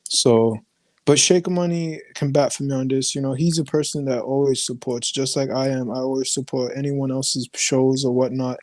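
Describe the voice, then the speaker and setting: A man's voice: medium pitch, fairly even intonation, normal speed, a little mellow, no room sound. A man from Jamaica talking as a guest on a casual sports chat, earnest and rambling, saying "man" a lot. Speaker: guest panelist.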